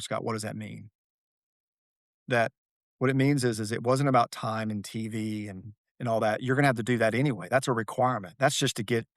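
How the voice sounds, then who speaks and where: A man's voice: medium pitch, no echo, clean studio sound. Earnest man telling a dramatic story. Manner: earnest, dramatic storyteller who repeats key phrases. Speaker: guest, author and athlete. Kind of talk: reflective podcast conversation.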